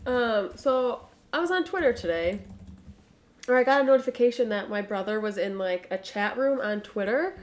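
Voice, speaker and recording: Co-hosting a podcast, this woman speaks at a moderate pace in a slightly high voice. She's an animated storyteller in casual chat, acting out the quotes of what people said.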